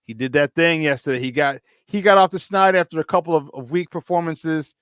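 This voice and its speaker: A man's voice: a little high, fairly quick, fairly bright tone, clear, resonant tone, dry recording. A man hosting a casual morning sports talk show, upbeat and chatty, often repeating himself and laughing.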